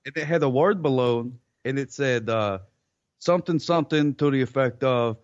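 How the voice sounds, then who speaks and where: A man hosting a comedy podcast, riffing in character as a police officer in a deadpan, rambling way. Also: medium pitch, moderate pace, dry recording, muffled recording. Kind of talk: improvised comedy chat in character as a cop.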